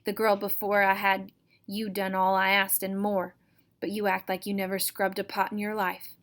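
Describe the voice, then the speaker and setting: A cruel old backwoods auntie, as a woman reads her aloud barks in a shrill, harsh voice. Her pitch stays flat and narrow as she taunts and bosses in rough rural speech. It is a storybook read-aloud. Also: normal speed, natural voice. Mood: scolding. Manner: folksy rural grammar, bossy and taunting.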